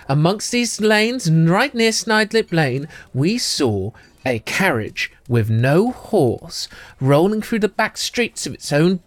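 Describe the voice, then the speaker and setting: Game master doing posh gossiping twin ladies, high fluttery swoops, lively pitch, dry close sound. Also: male voice, dry recording. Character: gossiping upper-class twin sisters Marjorie and Marabella, older. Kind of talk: tabletop role-play voicing.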